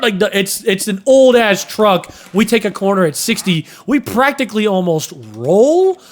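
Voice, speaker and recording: A young man casually telling a story on a podcast, animated, cursing and acting out sounds and voices. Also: high-pitched, moderate pace, hardly any pauses. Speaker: podcast host.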